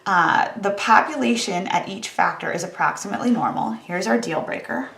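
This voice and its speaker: A woman's voice: mid-range voice, expressive, moderate pace, vocal fry, a bit bright, roomy sound. A woman statistics teacher giving a recorded math lecture in a casual, conversational way, wry about the tedious calculations.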